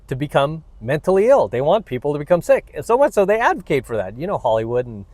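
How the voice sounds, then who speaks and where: A man holds forth to camera in a blunt, combative monologue, lecturing and prodding. His voice sits somewhat high for a man, and the sound is close and dry. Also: very animated, quick pace, darkish tone, no room sound. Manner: blunt, combative and preachy, many "you know what"s. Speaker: vlogger, self-help channel host.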